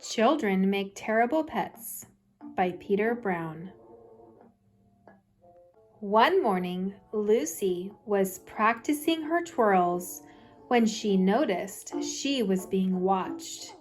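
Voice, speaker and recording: A woman reading a picture book aloud with expressive storytelling, faint music underneath. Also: medium pitch. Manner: slow, lively expressive reading. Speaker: guest reader.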